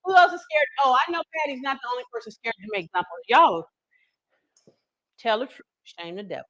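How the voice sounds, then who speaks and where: A woman's voice: a little high, very animated, fairly quick, fairly bright tone, dry recording, poor audio. A woman hosting a live cooking stream, chatty and folksy, talking straight to her viewers with teasing asides. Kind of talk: casual live cooking demonstration.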